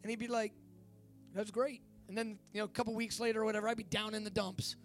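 A man in his forties giving a youth sermon, preaching with rising excitement and leading a fervent prayer. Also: high-pitched, fast, faint music behind. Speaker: youth pastor. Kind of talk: sermon with altar call.

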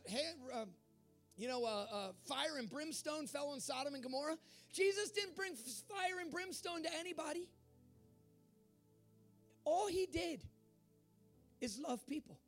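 A man preaching a sermon in a fervent way, at times rising to shouts. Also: very high voice. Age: adult.

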